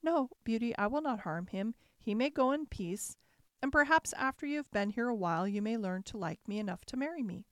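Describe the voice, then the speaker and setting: A woman voicing a gentle, lovelorn male beast in a storybook reading, speaking softly and kindly. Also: fairly high pitch, expressive, a little fast, no echo, studio quality, lightly acted. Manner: gentle, soft-spoken.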